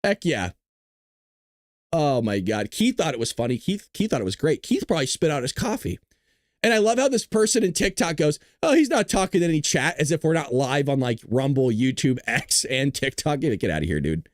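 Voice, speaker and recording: A man's voice: medium pitch, sing-song, normal speed, no echo, studio quality. A man hosting a casual live political commentary stream, talking sarcastically, laughing often and teasing his chat. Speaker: host of a political commentary livestream.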